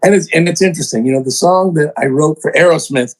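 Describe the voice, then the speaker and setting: An older man, a songwriter and producer, telling animated stories in an interview, acting out other people's voices and poking fun at himself. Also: fairly high pitch, fast, poor audio. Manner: excitable, acts out voices in quotes, self-mocking.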